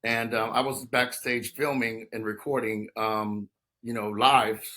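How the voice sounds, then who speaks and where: A man's voice: fairly low pitch, level tone, a little slow, pushed and bright. A man in his fifties from Texas, a guest telling his story in a conversational interview, talking in long runs with many restarts and "you know" fillers. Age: 50s.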